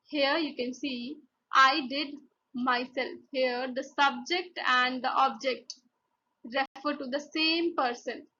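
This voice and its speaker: A woman's voice: sits high, fairly bright tone, lo-fi sound. A woman teaching grammar, explaining step by step and often saying "see here" and "okay". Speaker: English teacher. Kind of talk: grammar lesson over slides.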